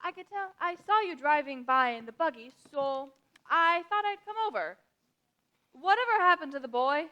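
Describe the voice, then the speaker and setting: Tactless gossipy neighbor, high, bright, swooping pitch, played by a woman on stage. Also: expressive, normal speed, lo-fi sound. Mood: prying. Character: nosy, blunt middle-aged village busybody woman. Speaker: stage actor in a youth musical. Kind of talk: live stage musical acting.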